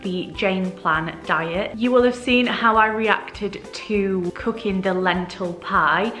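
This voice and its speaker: A woman's voice: medium pitch, slow, fairly bright tone, soft background music. A young woman with a British accent, under the weather, chatting casually to camera in a rambling, self-deprecating vlog. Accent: British English. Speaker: vlogger.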